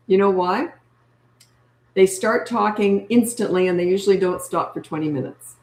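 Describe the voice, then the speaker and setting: A woman's voice: fairly low pitch, darkish tone, echoey room. An older woman and parenting coach answering viewer comments on a live stream, chatty and emphatic, repeating her key points.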